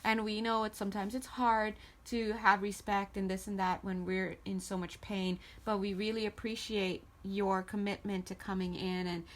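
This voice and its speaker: A woman giving a casual tarot reading to camera, chatty and playful and warmly encouraging toward her viewers. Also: medium pitch, flat delivery, moderate pace, few pauses. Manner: chatty and playful, giggles often. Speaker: tarot reader.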